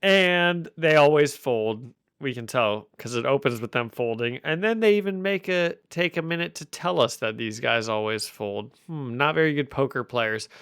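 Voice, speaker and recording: A podcast host with a mid-range, animated voice recaps a comic casually, cracking jokes and laughing often. He talks at a normal speed with hardly any pauses, his tone fairly bright, clear, and resonant, in a dry, studio-quality recording.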